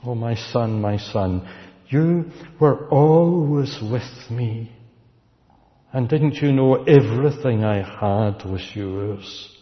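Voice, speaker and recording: A man voicing a loving father who pleads gently and slowly with his son. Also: medium pitch, natural voice. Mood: tender. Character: tender pleading old father. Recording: dull recording with long hall reverb.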